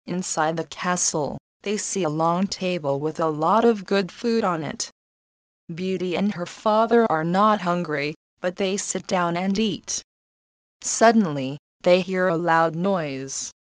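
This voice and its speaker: Slow, measured woman narrator. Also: lowish voice, dry recording. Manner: clear, measured reading. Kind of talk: slow storybook narration for learners.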